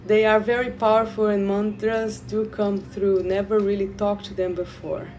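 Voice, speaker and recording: A woman who guides Reiki, talking slowly and loosely to viewers in a live stream, repeating words and addressing them directly. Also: mid-range voice, level tone, darkish tone, slight background noise. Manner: slow, meandering, repeats words, talks to viewers. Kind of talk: live spiritual stream talk.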